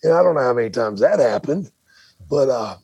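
A man's voice: medium pitch, expressive, brisk, darkish tone, breathy edge, dry recording. An older man, a podcast host, telling a colorful, profane story and acting out the quotes of other people. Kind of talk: casual storytelling chat.

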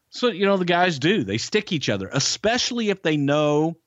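A man's voice: a little high, moderate pace, no echo, dull audio. A man co-hosting a podcast, casually telling second-hand stories with a lot of hedging. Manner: relaxed anecdotal telling with hedges. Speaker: podcast co-host, former wrestling insider. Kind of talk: casual storytelling chat.

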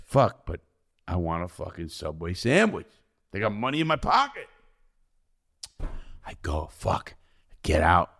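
A middle-aged man from the United States, a podcast guest telling blunt, profane stories that swing between loud outbursts and quiet low asides. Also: wildly swooping pitch, a little slow, long pauses. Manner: profane, blunt, swears constantly. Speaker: podcast guest, ex-convict speaker. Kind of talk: candid storytelling in conversation.

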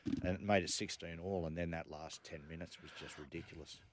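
A deep-voiced man tells lively stories on a radio show, acting out the lines of the people in them. His voice sits very low, and the sound is close and dry with no room behind it. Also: brisk, no room sound. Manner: animated anecdotes with acted quotes. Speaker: radio co-host. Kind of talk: casual storytelling on radio.

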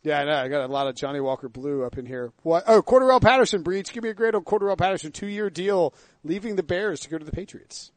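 A man's voice: sits high, animated, fast, no room sound. A man co-hosting a casual sports show, joking around and quizzing the others. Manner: jokey, asks the others questions. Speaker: sports podcast co-host.

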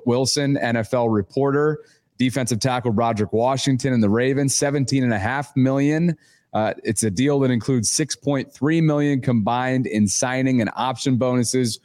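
A man's voice: mid-range voice, a little mellow. Easygoing male co-host. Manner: easygoing, teasing. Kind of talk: casual chat.

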